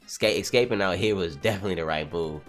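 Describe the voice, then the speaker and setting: A man voicing a cruel, playful male cat monster from a comic, read in a slow, low, sinister tone. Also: soft background music, lightly acted. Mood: menacing.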